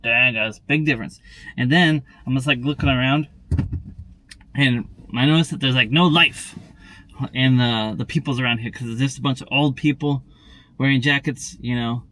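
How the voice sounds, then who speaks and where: A man vlogging to his viewers in a loose, rambling way. He keeps circling back with filler like "and everything," speaks at a middling pitch and repeats little phrases as he goes. The talk sounds off the cuff and chatty. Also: moderate pace, bright, forceful tone, no echo. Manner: rambling, tacks on "and everything" and "tell you what" constantly; talks straight to viewers, repeats words. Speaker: daily vlogger. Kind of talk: casual rambling vlog chat.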